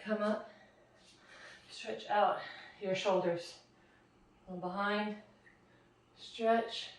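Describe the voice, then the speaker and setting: A winded woman leads a workout, counting each rep and urging the listener on at an unhurried pace. She is heard from across a very echoey room. Her voice sits at an ordinary pitch. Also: steady tone. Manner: counts reps aloud, encouraging. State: out of breath. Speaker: fitness instructor. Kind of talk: home workout coaching. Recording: very echoey room, mic far off.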